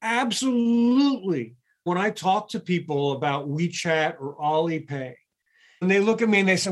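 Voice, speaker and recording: A man in a conversational podcast discussion, an animated storyteller who acts out the people he quotes. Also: sits high, normal speed.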